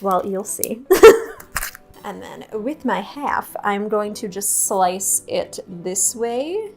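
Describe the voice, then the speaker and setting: A woman's voice: mid-range voice, sing-song, slow, darkish tone, faint music behind. A young woman hosting a home cooking tutorial in a kitchen, chatty, playful and self-mocking, laughing often at her own slips. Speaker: cooking show host.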